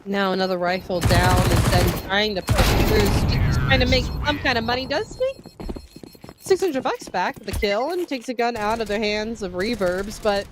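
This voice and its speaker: A woman's voice: medium pitch, normal speed. A woman giving color commentary on a competitive shooter match with playful, teasing banter. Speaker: esports co-caster. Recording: noisy, with game gunfire behind. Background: game gunfire and clicks.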